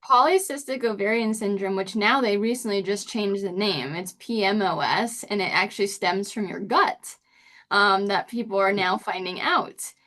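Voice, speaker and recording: Middle-aged woman guest, animated storyteller, voice leaps up when quoting herself. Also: moderate pace. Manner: expressive, pitch jumps when acting out quotes. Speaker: podcast guest. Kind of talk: casual storytelling interview.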